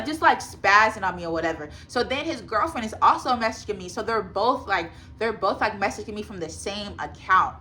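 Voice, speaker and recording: A woman's voice: medium pitch, expressive, moderate pace, few pauses, pushed and bright, slight background noise. A woman in her twenties telling a personal story to her viewers in a casual, emphatic storytime vlog. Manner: chatty, emphatic, talks straight to viewers. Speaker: vlogger.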